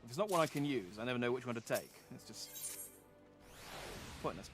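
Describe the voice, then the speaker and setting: Male VTuber, casual game chatter, jokey, very animated pitch. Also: brisk, pauses often, soft background music. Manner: joking, rambling. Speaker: VTuber streamer. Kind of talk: casual gameplay commentary.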